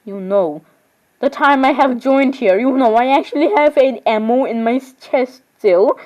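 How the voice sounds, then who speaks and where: A woman with a high voice plays every doll in a homemade, made-up role-play, chattering on at a moderate pace and letting out sudden surprised squeals. The audio sounds dull.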